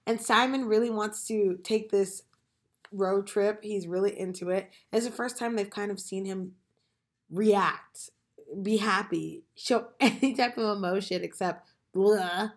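A woman's voice: medium pitch, a little slow. A young American woman co-hosting a casual book podcast, retelling the plot with lots of laughter. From United States. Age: young adult. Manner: giggly, animated retelling of plot. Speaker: podcast co-host.

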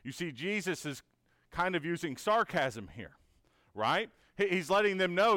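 A man's voice: high voice, big pitch swings, unhurried, a bit bright, dry recording, studio quality. A man teaching a conversational Bible lesson in an earnest, encouraging way, asking many rhetorical questions and often checking in with "right?".

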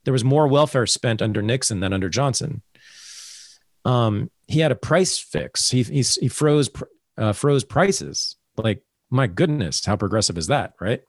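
A man hosting a casual political talk show, ranting in an animated, sarcastic way. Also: medium pitch, unhurried, dry recording, studio quality.

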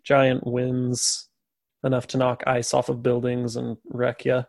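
Gravelly-voiced man telling a story. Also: medium pitch, completely flat delivery, slow, a little mellow, dry recording. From USA. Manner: jokey, sarcastic asides. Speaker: podcast co-host. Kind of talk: casual storytelling chat.

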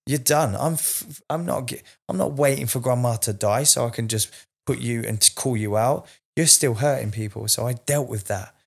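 A man's voice: mid-range voice, normal speed, creaky, hardly any pauses, breathy edge. A man in his forties telling a raw, emotional personal story in a candid conversation, swearing freely. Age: 40s.

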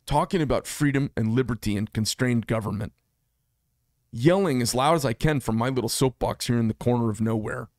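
A man's voice: medium pitch, dry recording. Impassioned man in his fifties, dry sound. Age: 50s. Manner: impassioned, emphatic, repeats himself. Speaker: podcast host. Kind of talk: solo commentary monologue.

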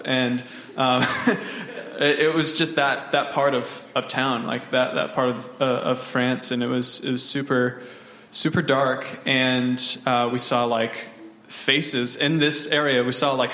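A man's voice: medium pitch, fairly bright tone, roomy sound, long reverb tail. A man telling a casual testimony story from a mission trip, full of fillers and restarts. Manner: halting, lots of fillers and restarts, laughs often. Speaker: church member sharing a mission trip story. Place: church hall.

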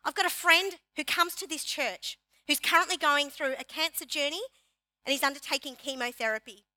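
A woman pastor preaching a sermon in an animated, emphatic way, repeating key phrases for her congregation. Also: sits high, brisk, dry recording. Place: church.

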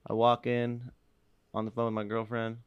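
A man co-hosting a podcast, telling a rambling, animated story in casual chat and swearing freely. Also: mid-range voice, normal speed, smooth, no room sound, lo-fi sound. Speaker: podcast co-host.

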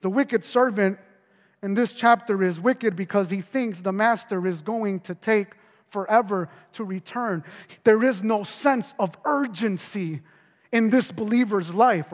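A man with a very high voice preaches an earnest sermon, often stumbling over repeated words. He sinks low and quiet to drive points home. The sound carries a long hall reverb. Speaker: pastor.

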